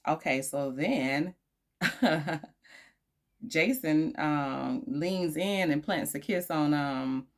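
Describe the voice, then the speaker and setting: Low-voiced sassy woman reviewing TV. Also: drawn-out words. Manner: animated, laughing asides, slangy and sassy. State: tired, late at night. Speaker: YouTuber reviewing a dating show. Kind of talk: casual chatty review.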